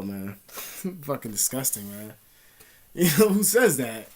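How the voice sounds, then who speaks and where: A man's voice: medium pitch, very animated, slow, long pauses. A young man casually telling a personal story to camera, heavy on slang, swearing and fillers. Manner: profane and slangy, with many fillers. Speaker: vlogger.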